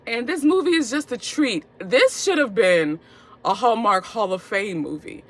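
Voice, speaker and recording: A young woman hosting her own movie review channel, talking in an animated, playful, chatty way and stretching words for emphasis. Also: a little high, measured pace.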